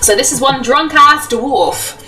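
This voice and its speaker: A woman's voice: high-pitched, a little slow, sharp tone, distant mic, soft background music, rough recording. A woman running a tabletop game as game master, chatty and full of ums, heard from a little away from the mic. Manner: chatty, laughing often, many ums.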